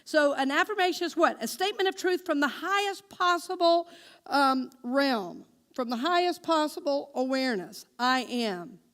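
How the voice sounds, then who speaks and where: A woman minister preaching with a high, bright voice. She asks her congregation questions and waits for them to answer. She speaks her affirmations slowly and with care. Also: animated. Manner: engaging the congregation with call-and-response questions; slow, deliberate spoken affirmations. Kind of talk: sermon.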